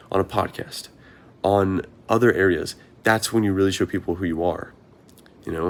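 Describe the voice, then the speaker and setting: Deep-voiced young man musing on camera. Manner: earnest, rambling, self-questioning. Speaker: marathon runner vlogger. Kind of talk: reflective vlog monologue.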